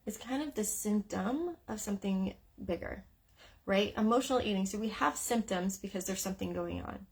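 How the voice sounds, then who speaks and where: Woman, live-stream coach, frank and teary-edged, gravelly tone, mid pitch. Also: normal speed, darkish tone. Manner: candid, with frequent "um" fillers. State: emotional after crying. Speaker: eating psychology coach. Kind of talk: casual live stream talk.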